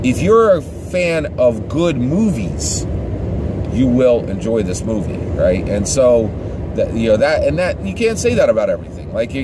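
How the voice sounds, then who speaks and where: A film reviewer with a mid-range voice gives a casual, rambling movie review against a noisy background. He often restarts sentences and keeps checking in with the listener by asking "right?"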